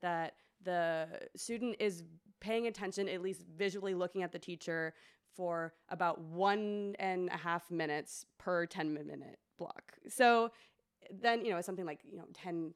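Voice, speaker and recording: A woman, a special education teacher co-hosting a podcast, telling classroom stories casually and acting out a child's lines. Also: clean tone. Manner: relaxed storyteller, acts out a child's lines in a high voice. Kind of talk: casual storytelling chat.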